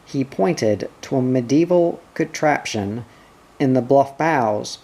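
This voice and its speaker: A man narrating an audiobook in a measured reading style. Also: medium pitch, lively intonation, gravelly, mellow.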